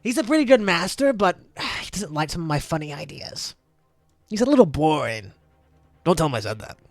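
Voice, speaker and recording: A man's voice: on the high side, sing-song, normal speed, creaky, dry recording, soft background music. A man voicing a panicky, goofy male necromancer spirit who whines and rambles in a tabletop game. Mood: chatty. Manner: giddy, whiny, rambling.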